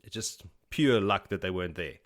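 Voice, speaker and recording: A man hosting a podcast, recapping a book in casual chat, laughing often and acting out characters' lines as quick paraphrased quotes. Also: sits low, lively intonation. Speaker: podcast host.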